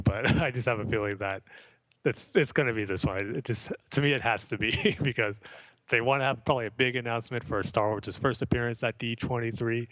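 A man's voice: mid-range voice, a bit bright, poor audio. A man co-hosting a podcast in casual chat, eager and chuckling often. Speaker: podcast co-host.

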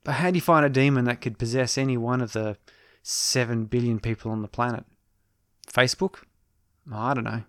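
A man's voice: medium pitch, fairly even intonation, a little fast, fairly bright tone, clean tone. A man narrating his own story in a wry, self-deprecating, casual way. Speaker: podcast storyteller. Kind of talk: first-person audio story narration.

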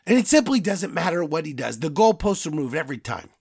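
A man hosting a podcast, delivering a loud, profane, angry sports rant. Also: on the high side, sing-song, quick pace, breathy edge, no room sound, clean studio sound. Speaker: podcast host.

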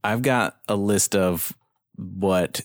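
A man's voice: on the low side, takes it slowly, no echo, studio quality. A man chatting casually and playfully, reading from a list and throwing in jokes. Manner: playful, throws in movie-line impressions. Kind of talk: casual chat.

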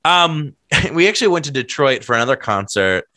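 A man telling stories in a casual chat, rambling and leaning on filler words as he goes. His voice is bright and swings widely in pitch. The sound is dry and close. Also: very animated, a little fast, dry recording. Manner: laughs while telling stories.

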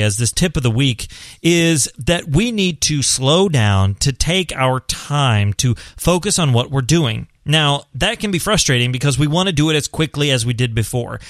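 Speaking to visually impaired viewers, a blind father of a son offers casual, earnest encouragement and advice, repeating points to stress them. The clean studio recording has no echo, and his medium-pitched voice leans a bit bright.

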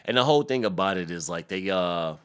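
A young man hosting a podcast, ranting and swearing in a loud comedic tirade, stuttering and repeating words as he goes. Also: sits low, lively intonation, fairly quick, clear, resonant tone. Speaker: podcast host. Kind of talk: profane comedic rant.

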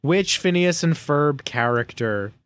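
Playful, lively-voiced male podcast co-host. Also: on the high side, slow, clear, resonant tone. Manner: playful, jumps into bits and voices. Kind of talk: casual comedic chat.

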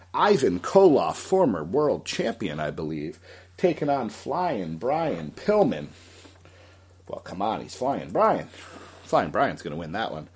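A man's voice: on the low side, husky. A man hosting a casual solo commentary, rambling and thinking aloud as he corrects himself mid-sentence. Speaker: host.

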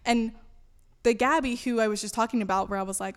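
A woman tells a personal story in a relaxed, conversational way. She is animated and acts out her own past thoughts as little quoted lines. She sits for an interview recorded inside a church. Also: on the high side, fast, clean tone. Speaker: guest.

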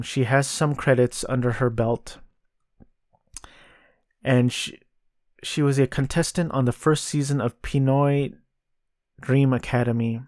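A man's voice: mid-range voice, no room sound, studio quality. A man hosting a podcast, casually reviewing a film with frequent ums and restarts. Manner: hesitant, many ums and restarts. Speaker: podcast host.

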